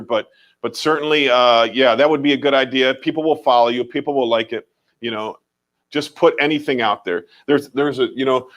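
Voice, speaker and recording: A man with an American accent co-hosting a casual livestream, talking emphatically and repeating his points. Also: mid-range voice. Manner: animated and emphatic, repeats phrases, mild swearing. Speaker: livestream co-host.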